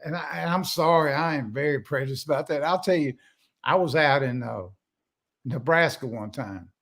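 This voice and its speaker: An older man with a slightly high, somewhat bright voice talks at a normal pace as a podcast guest. He tells folksy, rambling stories casually, often interrupting himself and starting over.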